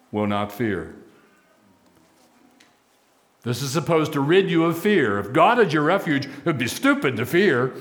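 A man preaching a sermon as pastor, emphatic, stacking repeated phrases and slowing for key lines. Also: fairly high pitch.

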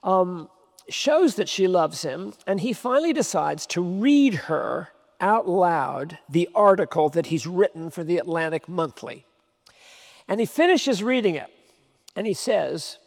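A man's voice: high voice, big pitch swings, measured pace, gravelly. A man preaching a sermon, emphatic, repeating key phrases for stress. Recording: long hall reverb.

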